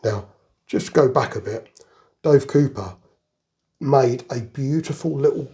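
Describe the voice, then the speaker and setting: A man's voice: medium pitch, unhurried, dark tone. An older man from England, a retired army veteran, telling rambling anecdotes in a casual interview. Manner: rambling anecdotal storyteller, chuckles through jokes.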